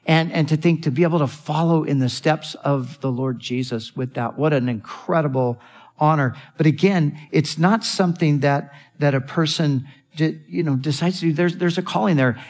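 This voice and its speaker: A man's voice: on the high side, moderate pace. A man preaching a sermon as a pastor, earnest, repeating phrases and restarting sentences.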